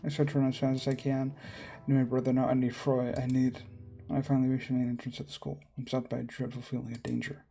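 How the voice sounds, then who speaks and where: A man reading a visual novel aloud in the first person, dropping in quick reactions. His voice is low-toned and gravelly, with light music playing underneath. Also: completely flat delivery, warm tone. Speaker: gaming YouTuber.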